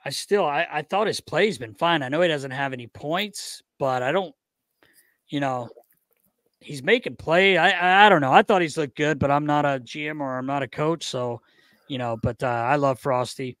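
Brisk, upbeat man on a dry mic. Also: fairly high pitch, dry recording. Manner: teasing, animated, repeats words. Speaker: podcast co-host. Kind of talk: casual hockey chat.

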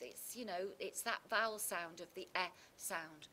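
A woman's voice: on the low side, unhurried, pushed and bright, a little hiss or hum. A woman English teacher, explaining poetry terms with confidence and leaning on key words. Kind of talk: explanatory revision chat.

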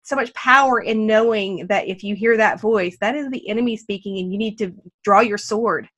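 A woman hosts a faith podcast, speaking earnestly and encouragingly, with a laugh slipping in now and then. Her pitch sits right in the middle for a woman. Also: moderate pace, fairly bright tone. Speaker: podcast host. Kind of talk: faith-based podcast conversation.

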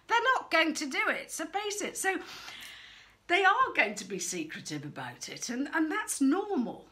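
Frank, animated woman parenting coach. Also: high voice, fairly quick. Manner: frank and animated, acts out quoted voices. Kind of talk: direct-to-camera advice talk.

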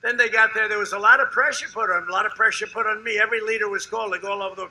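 An older man giving a rambling, boastful campaign rally speech, repeating himself and swinging between shouted lines and hushed asides. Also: high voice, fairly even intonation, fast, hardly any pauses, rough recording. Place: outdoor rally before a large crowd.

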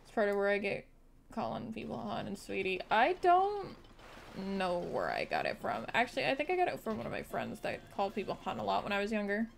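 A woman's voice: medium pitch, brisk, creaky, a little hiss or hum. A woman streamer giving casual, profanity-laced commentary while playing a video game. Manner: swearing, animated and reactive. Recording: faint music behind.

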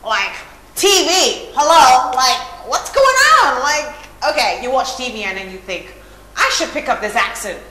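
A woman's voice: sits high, big pitch swings, a little slow, pushed and bright, heavily acted. An actress playing a boastful young woman auditioning, chatty and rambling with many fillers. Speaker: audition candidate. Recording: echoey room with background noise.

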